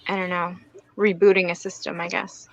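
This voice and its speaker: A woman guest author talking in a soft, hesitant way on a casual livestream video call, often trailing off mid-thought. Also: on the low side, little pitch movement, moderate pace, muffled recording.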